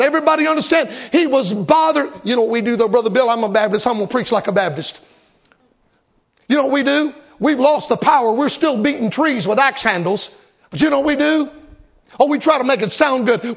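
A Baptist preacher delivers a revival sermon in a strikingly high, gravelly voice. He is emphatic and dramatic and hammers home his points by repeating them. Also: a bit bright.

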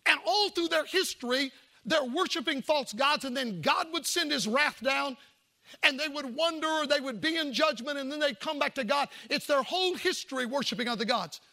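A man's voice: very high-pitched, vocal fry, pushed and bright. A man preaching a folksy, emphatic sermon, with jokes and asides to the congregation. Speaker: pastor.

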